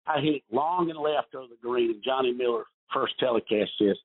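Man, middle-aged, golf pro guest, rambling storyteller, breathy, tinny phone-like sound. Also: medium pitch, brisk. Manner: rambling, repeats words, animated storytelling. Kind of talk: casual storytelling interview. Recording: husky voice over a tinny phone-like line.

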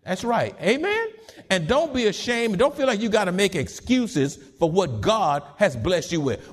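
A man pastor preaching a sermon in call-and-response style, with repeated words and passages that rise to shouting. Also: sits high, sing-song, moderate pace.

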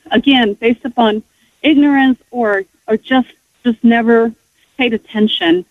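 A woman's voice: a little high, a little slow, no echo. A woman giving a heartfelt personal faith testimony as a guest, talking earnestly with frequent restarts. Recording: tinny phone-line audio, dry.

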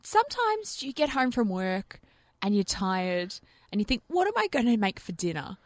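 A woman co-hosting a breakfast radio show, playful and teasing, quick to feign outrage. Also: medium pitch, very animated, no echo. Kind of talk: casual radio banter. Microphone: studio microphone.

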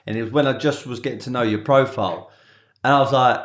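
A man's voice: medium pitch, fast talker. A man hosting a podcast interview, asking questions in a chatty way and telling anecdotes. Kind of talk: conversational interview.

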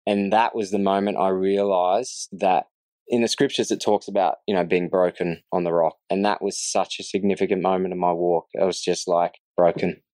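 Man, earnest, reflective, lowish voice, dry close sound. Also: fairly even intonation, normal speed, a little mellow, no echo. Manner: earnest and reflective, laughs easily. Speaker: guest sharing his faith story. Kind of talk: casual testimony in conversation.

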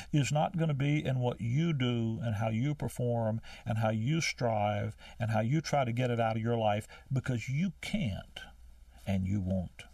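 An older man preaching a sermon, emphatic, slowing down to stress key phrases. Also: mid-range voice, gravelly, no room sound, distant mic.

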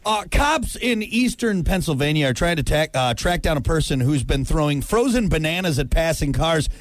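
A man's voice: a little high, moderate pace, no room sound. A man co-hosting a morning radio show, joking and telling stories in casual banter. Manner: joking, animated storytelling. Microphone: studio microphone.

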